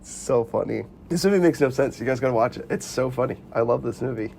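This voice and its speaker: Young man, podcast co-host, casual movie chat, animated, laughs often, faint background hiss. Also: mid-range voice, quick pace, gravelly.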